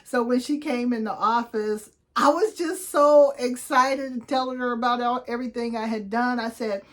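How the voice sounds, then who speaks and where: A woman's voice: on the high side, moderate pace. A woman in her sixties, a vlogger telling everyday stories in a chatty, upbeat way and acting out the voices of people she quotes. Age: 60s. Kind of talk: casual storytelling vlog.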